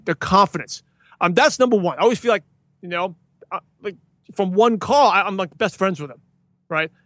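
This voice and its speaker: A man as a guest in a casual interview, talking enthusiastically and acting out greetings with animated emphasis. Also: high voice, dry recording. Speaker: podcast guest, podcaster.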